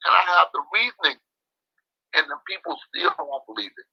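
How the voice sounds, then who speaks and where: Gravelly, husky man hammering his points home. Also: a little high, big pitch swings, fairly quick, dry recording. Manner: emphatic, repeats himself for stress. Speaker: boxing trainer, interview guest. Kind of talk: casual interview talk. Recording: dull lo-fi dry sound.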